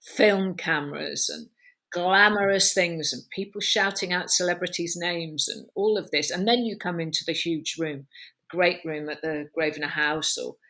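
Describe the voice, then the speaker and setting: A woman hosting a podcast interview, talking in an animated, emphatic way and piling up descriptions. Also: lowish voice, normal speed. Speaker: podcast host. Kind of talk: conversational interview.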